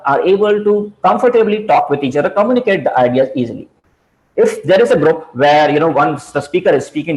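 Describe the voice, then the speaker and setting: A man delivers a lecture in a somewhat raised register. He speaks haltingly, reaching for words with frequent "you know" fillers and restarted phrases. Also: a little high, a little mellow, low-quality recording. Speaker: speaker on communication skills.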